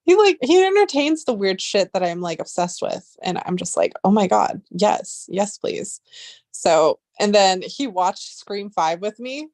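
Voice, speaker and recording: A young woman chatting casually on a livestream, rambling and excitable, swearing freely. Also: medium pitch, normal speed, hardly any pauses, no echo, clean studio sound. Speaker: livestream host.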